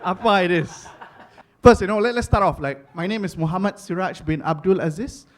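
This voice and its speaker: A man's voice: sits high, a little fast. A man in his thirties with a Singaporean English accent, doing chatty stand-up comedy, with many fillers and repeated phrases. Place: comedy stage before a live audience.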